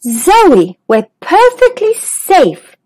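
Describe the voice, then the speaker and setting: A woman voicing a herd of calm adult zebras who speak patiently and reassuringly. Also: very high voice, extremely slow, voice pushed up, exaggerated voice.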